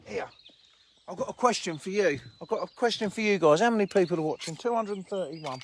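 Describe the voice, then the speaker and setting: A man's voice: sits high, quick pace, slight background noise. A man hosting a casual outdoor livestream by a fishing lake, rambling bluntly and chatting with viewers. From England. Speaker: livestream host. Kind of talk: casual livestream chat reading viewer comments.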